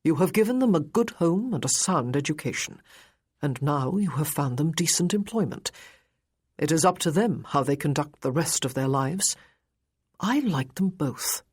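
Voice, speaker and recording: A woman reading the part of a composed, reassuring nobleman in an audiobook, speaking slowly and evenly. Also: low-pitched, expressive, a little mellow, husky. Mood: calm. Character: composed, soothing aristocratic gentleman.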